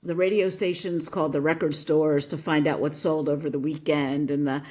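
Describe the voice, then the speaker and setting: A woman from Philadelphia, a guest on a podcast, talking about her career in a chatty, relaxed way full of "like"s. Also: deep voice, normal speed. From Philadelphia, USA. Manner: chatty, relaxed, explains with many "like"s. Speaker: guest, creative director and editor. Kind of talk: casual interview chat.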